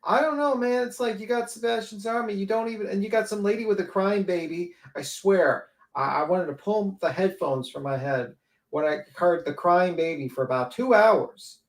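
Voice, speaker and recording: A man's voice: high-pitched, normal speed. A man hosting a livestream panel, ranting sarcastically with a lot of profanity. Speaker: panel host. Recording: roomy echo.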